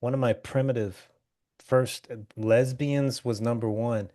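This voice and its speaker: A man of middle pitch telling loose, rambling stories on a casual comedy podcast. He often trails off into quiet mutters at the end of a thought. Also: fairly even intonation, measured pace. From Hawaii. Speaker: podcast co-host.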